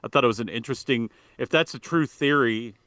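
A man's voice: medium pitch, quick pace, fairly bright tone, no echo, clean studio sound. A man co-hosting a podcast in casual chat, rambling with fillers and restarts and swearing offhandedly. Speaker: podcast co-host.

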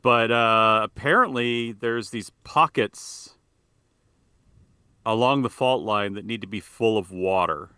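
A man's voice: on the low side, takes it slowly, pushed and bright, smooth, dry recording, clean studio sound. A man co-hosting a podcast in casual chat, rambling with fillers and restarts and swearing offhandedly. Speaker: podcast co-host.

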